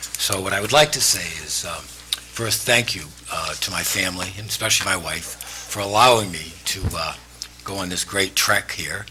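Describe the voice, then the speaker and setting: Deep-voiced man giving halting farewell remarks. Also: sharp tone. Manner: emotional, halting speech with many fillers. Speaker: council president. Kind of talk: council meeting farewell remarks. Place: town hall council chamber. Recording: noisy meeting room recording.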